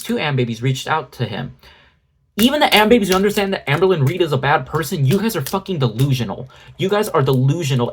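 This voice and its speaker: Husky man ranting in exasperation. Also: fairly high pitch. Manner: exasperated, profane, sarcastic ranting. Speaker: commentary YouTuber. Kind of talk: ranting commentary.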